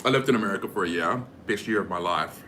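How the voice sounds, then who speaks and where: A vlogger with a New Zealand accent chats casually while cooking, rambling and using lots of fillers. His voice is low and quick, with a noisy background.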